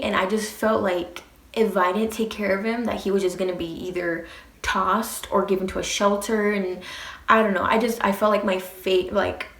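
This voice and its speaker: Young woman vlogger doing a storytime, animated, cusses a lot, echoey room. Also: mid-range voice, vocal fry. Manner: animated, swears freely, acts out quotes. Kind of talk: casual storytime.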